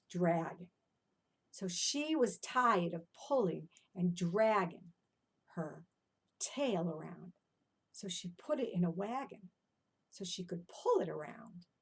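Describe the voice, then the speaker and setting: A woman reading her own animal rhymes to young children, animated and encouraging, often stopping to ask the listener questions. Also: on the low side, slightly rough. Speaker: children's storyteller. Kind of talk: interactive storytelling for children.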